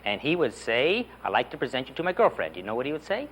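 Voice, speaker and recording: A man teaches beginner Spanish with lots of enthusiasm, coaxing learners to repeat each phrase. His pitch swings widely as he drills. A faint background hiss sits under the recording. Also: very animated, fast talker, fairly bright tone. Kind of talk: animated language lesson.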